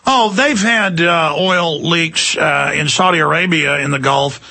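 A Texan man hosting a talk-radio show, ranting in a heated, rapid stream packed with fillers. His voice is a bit high for a man, forceful and husky, and the studio mic makes it close and dry. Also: no room sound. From Texas.

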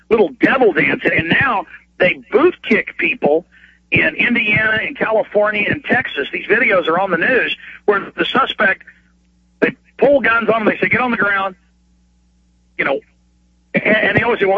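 A man hosting talk radio over a phone line, ranting in a fast, repetitive way with stammering restarts and bursts of outrage. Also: high-pitched, slightly rough, no room sound. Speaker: radio host. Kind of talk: heated talk radio rant.

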